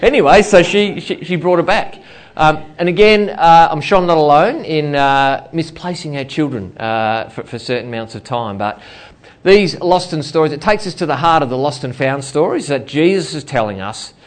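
A man's voice: fairly high pitch, expressive, moderate pace. Aussie pastor guy, middle-aged, chatty sermon story, lots of uhs. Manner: chatty, many fillers and restarts. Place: church.

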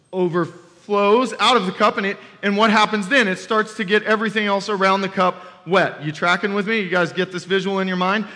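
A young man preaching in a church sanctuary, his voice high and ringing. He talks animatedly and conversationally, throwing questions out to the congregation. The sound carries a long reverberant tail from the hall. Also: pushed and bright. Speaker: youth pastor preaching as guest. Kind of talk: sermon.

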